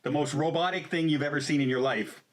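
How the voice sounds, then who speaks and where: A man's voice: a little high, quick pace. A man co-hosting a casual movie review chat, rambling with plenty of fillers and frequent laughs. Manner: rambling, laughs often, lots of "like". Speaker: podcast co-host.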